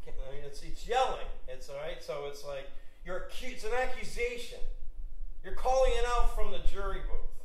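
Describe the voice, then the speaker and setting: A man coaching a singer in rehearsal, animated and repetitive, pushing her to deliver harder. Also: high-pitched, brisk, far from the mic. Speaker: vocal coach. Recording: echoey room, voice off-mic.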